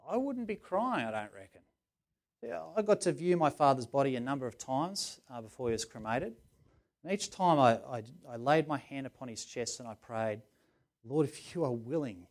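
A middle-aged man preaching a sermon in a fairly high voice. He talks earnestly and conversationally, then pushes key words out loudly for emphasis. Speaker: pastor.

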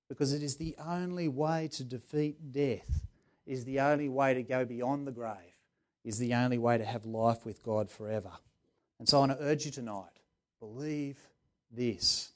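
A middle-aged man preaching a sermon in an earnest, conversational way, with sudden loud emphasis on key words. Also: medium pitch, moderate pace. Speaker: pastor.

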